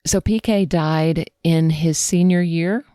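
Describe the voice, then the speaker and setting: A woman hosting a podcast, speaking in a soft, affirming way and agreeing often. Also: sits low, slow, no echo, studio quality. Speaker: podcast host. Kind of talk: faith-based interview conversation.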